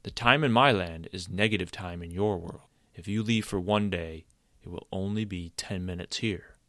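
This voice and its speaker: A man's voice: lowish voice, expressive, a little fast, pushed and bright, dry recording, clean studio sound. A man voicing an old male wizard cursed into a tree stump, firm and insistent as he explains. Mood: confident.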